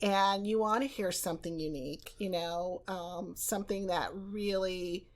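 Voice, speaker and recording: A woman's voice: lowish voice, fairly even intonation, unhurried. An American woman hosting a podcast, chatting in a reflective, conversational way. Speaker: podcast host. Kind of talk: casual interview chat.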